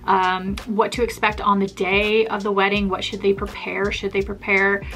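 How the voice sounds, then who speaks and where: Bright-voiced chatty woman vlogger. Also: medium pitch, little pitch movement. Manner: chatty, bubbly, fast-talking. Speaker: vlogger and makeup artist. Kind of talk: casual vlog chat.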